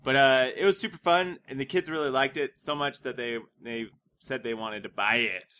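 Woman, extremely low voice, co-host, casual chat, short agreeing remarks. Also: normal speed, a bit bright. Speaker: parent and co-host.

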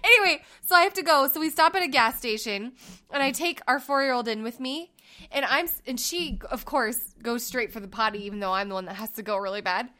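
A woman in her thirties, co-hosting a casual chat and telling family stories with animated acted-out quotes. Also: a little high, a little fast. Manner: animated storytelling, acts out quotes. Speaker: podcast co-host.

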